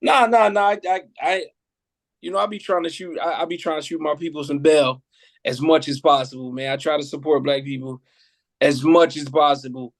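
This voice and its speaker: A man with a slightly high voice talks in a casual podcast chat. His delivery is relaxed and loose, with many filler checks. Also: brisk, creaky. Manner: relaxed, leans on "you know what I mean".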